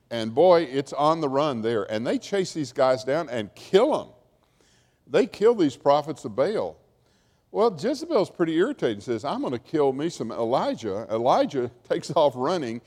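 A man's voice: medium pitch, darkish tone. Male Bible teacher, informal and wry with asides, mid-range voice, recorded in a reverberant hall. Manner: chatty, wry, asides and chuckles. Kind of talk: informal lecture storytelling.

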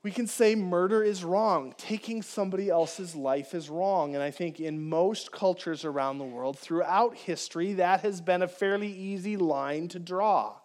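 High-voiced man preaching a sermon. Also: normal speed, hardly any pauses. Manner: conversational, animated preaching to a congregation. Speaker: pastor.

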